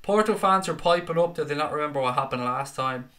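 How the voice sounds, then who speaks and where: A man's voice: a little high, fast talker, sharp tone. A man hosting a fan live stream, chatting casually, reading out viewer comments and calling people mate. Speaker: fan channel host reading live chat.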